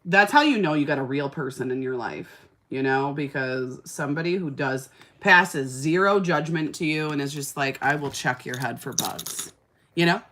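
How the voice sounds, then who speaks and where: A woman's voice: sits low, normal speed. A woman in her thirties telling a story to chat viewers while doing her makeup, dramatic and swearing casually. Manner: animated, exaggerated storyteller who swears casually. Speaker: livestream host doing makeup.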